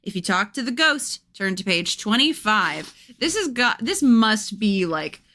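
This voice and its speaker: A playful young woman chats casually and reads a spooky storybook aloud on a stream. Her voice is lively and swoops up and down as she talks. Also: medium pitch, measured pace. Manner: chatty, playful, breaks off to coo at her cats. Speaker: livestream host reading a book aloud.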